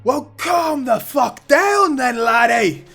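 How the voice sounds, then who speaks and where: A man voicing a bitter, disheveled man with a grudge, loud and mocking, for a tabletop game. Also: very high voice, animated, slow pace, creaky, husky, faint music behind, voice pushed up, full character voice. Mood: angry.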